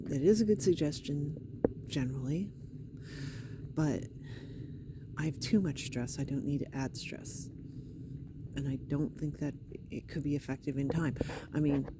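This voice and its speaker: A middle-aged woman with a hoarse, sore throat, talking in a hesitant, rambling video diary with wry, matter-of-fact asides. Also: low-pitched, slow, long pauses, background noise. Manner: hesitant, rambling, many fillers. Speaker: vlogger. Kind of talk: casual personal video diary.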